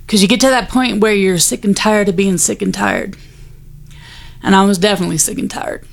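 Woman with a gravelly voice telling her life story, candid and kinda wry. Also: medium pitch. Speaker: guest sharing her testimony. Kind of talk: personal testimony, conversational storytelling.

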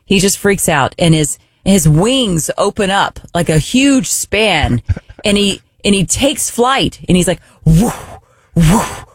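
A woman co-hosting a radio show, telling a funny family story in an animated way, often laughing and acting out the voices. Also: medium pitch, measured pace, dry recording. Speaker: radio co-host.

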